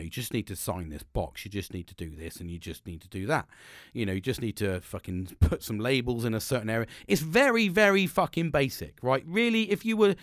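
A man's voice: fairly low pitch, dry recording. Man, casual host monologue, blunt and profane, dry close sound. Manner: frank, sweary, rambling with restarts.

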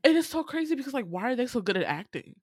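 Animated young woman telling stories casually. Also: fairly high pitch, rapid-fire, no echo, clean studio sound. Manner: animated storytelling, acts out quotes, swears freely. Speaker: podcast co-host. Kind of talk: casual chat.

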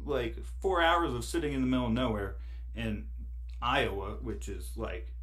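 A man's voice: mid-range voice, normal speed, fairly bright tone. A man as a podcast guest, telling a rambling story in casual chat, laughing often and full of fillers.

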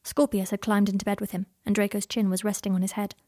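A woman reading a story aloud in a soft-spoken way that often drops into whispers. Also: mid-range voice, little pitch movement, quick pace, no echo, clean studio sound. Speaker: reader. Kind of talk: reading fan fiction aloud.

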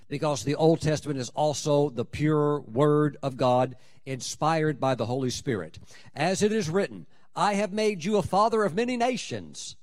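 A man preaching a sermon, stressing key words and slowing down to drive points home. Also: fairly high pitch, darkish tone.

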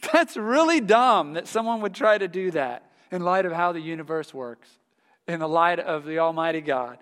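A male pastor preaching a sermon, telling stories in a lively, animated way and laughing along with them. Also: a little high, normal speed, in a large hall. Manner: storytelling, laughs heartily while telling anecdotes.

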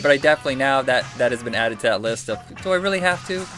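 A man co-hosting a podcast in casual chat, animated and laughing often, with restarts. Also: mid-range voice, rapid-fire, faint music behind. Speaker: podcast co-host.

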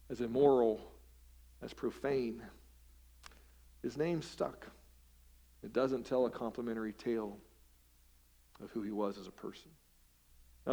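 Animated man preaching a sermon. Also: medium pitch. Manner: animated, swings between loud emphasis and hushed asides; rhetorical questions and repetition. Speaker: pastor. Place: church sanctuary.

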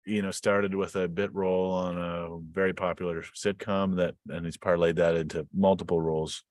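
A deep-voiced man co-hosting a casual podcast. His delivery stays flat and deadpan, even when he's teasing. The sound is dry and close, with no room around it. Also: normal speed, no echo. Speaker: podcast co-host. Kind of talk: casual chat.

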